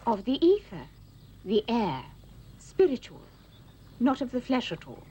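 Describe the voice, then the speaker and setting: A woman's voice: a little high, huge pitch swings, a little slow, mellow. A gushing, sentimental lady. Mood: rapturous. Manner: gushing, breathy enthusiasm. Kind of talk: period film acting. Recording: slightly dull film soundtrack with faint noise.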